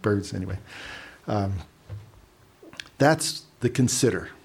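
A man's voice: on the low side, lively intonation, takes it slowly, vocal fry, husky. A man giving a casual, conversational sermon, telling stories with asides and repeating words as he goes. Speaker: preacher.

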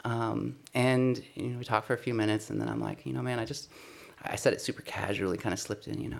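Earnest man with a gravelly voice. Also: mid-range voice, fairly even intonation, quick pace. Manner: earnest, self-deprecating storytelling. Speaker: speaker sharing a personal testimony. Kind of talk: conversational sermon.

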